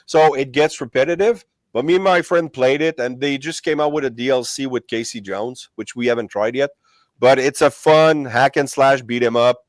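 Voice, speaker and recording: A man's voice: mid-range voice, normal speed, dry recording. A man hosting a casual livestream chat, rambling and restarting his sentences with lots of fillers. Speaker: host of a collectibles channel livestream.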